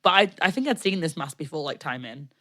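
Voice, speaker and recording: A woman's voice: sits low, fast. A British woman co-hosting a podcast, chatting casually and recounting a live-action role-play event with lots of laughter and acted-out quotes. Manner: animated storyteller, laughs often, acts out quotes. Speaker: podcast co-host.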